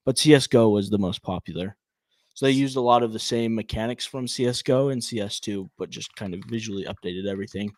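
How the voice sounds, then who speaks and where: A man's voice: on the low side, fairly quick, no room sound, clean studio sound. A man co-hosting a podcast in casual chat, laid-back and easygoing. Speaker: podcast co-host.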